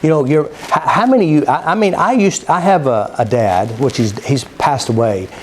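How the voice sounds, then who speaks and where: A man's voice: a little high, normal speed. A middle-aged man from Oklahoma giving a live seminar talk, telling stories, asking the audience questions and acting out what people say. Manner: animated storyteller, asks the audience questions, acts out quotes. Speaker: seminar speaker.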